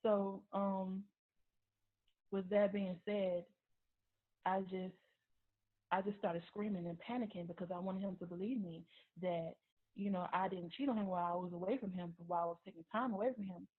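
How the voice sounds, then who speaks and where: A woman tells her own story as a personal testimony. She talks haltingly, restarting and repeating words as she goes. Her voice comes through a thin, phone-like recording. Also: mid-range voice, steady tone.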